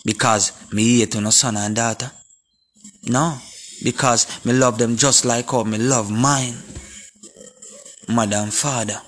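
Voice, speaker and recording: There's slight background noise as a medium-pitched man, a Jamaican vlogger, confronts his audience in patois. The monologue to camera is forceful, preachy, and passionate.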